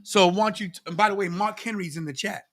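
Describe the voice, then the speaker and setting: Animated high-voiced man co-hosting. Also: fast, soft background music. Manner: animated, laughs often, talks straight to chat. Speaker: podcast co-host. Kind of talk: live watch-along chat.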